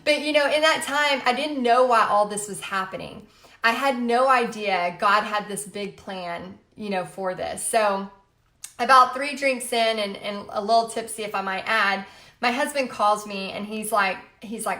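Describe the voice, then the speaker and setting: A woman's voice: medium pitch, moderate pace. Chatty woman telling her story in an echoey room. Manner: chatty, animated, frequent fillers. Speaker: livestream host. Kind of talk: casual livestream storytelling.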